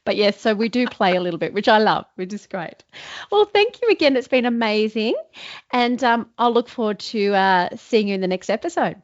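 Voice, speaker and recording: A woman hosting a podcast interview, enthusiastic and quick with gushing praise. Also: medium pitch, lively intonation. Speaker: podcast host. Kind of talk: casual interview chat. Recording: dull lo-fi sound.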